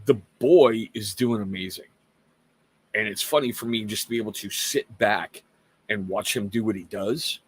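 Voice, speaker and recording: A man's voice: on the low side, normal speed, breathy edge. A middle-aged man from Washington State hosting a casual live talk show, speaking earnestly to viewers with rambling, self-mocking asides. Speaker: livestream host.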